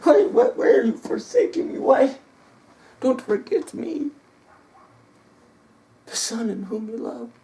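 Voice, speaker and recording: Brief: a suffering man on the cross, quiet and anguished, slow, as a preacher puts him on. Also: mid-range voice, sing-song, vocal fry, full character voice. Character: Jesus on the cross, male, suffering.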